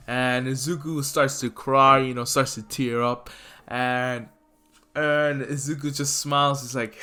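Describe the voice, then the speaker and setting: A man casually retelling a fan story, rambling excitedly and tripping over names. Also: mid-range voice, measured pace.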